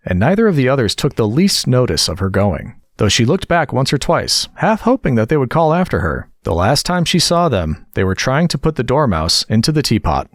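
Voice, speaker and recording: Expressive male storybook reader, dry and close. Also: lowish voice, no room sound. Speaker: audiobook reader. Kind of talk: scripted narration.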